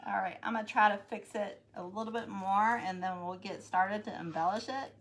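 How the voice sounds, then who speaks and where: A woman's voice: medium pitch, fairly even intonation, brisk, fairly bright tone, slight background noise. A woman hosting a casual live craft stream, chatting to viewers and laughing often. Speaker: craft livestream host.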